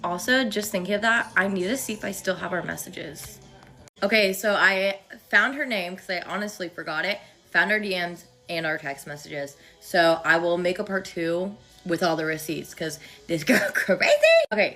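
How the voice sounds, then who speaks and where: A young woman with a slight lisp from her aligners, chatting through a storytime with quick asides. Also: lowish voice, sharp tone, faint music behind. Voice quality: lispy from wearing aligners. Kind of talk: casual storytime.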